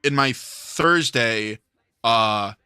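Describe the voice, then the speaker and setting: Slow, hesitant man on a casual stream. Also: mid-range voice, pushed and bright, smooth, dry recording. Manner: hesitant, many filler sounds. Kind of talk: casual chat.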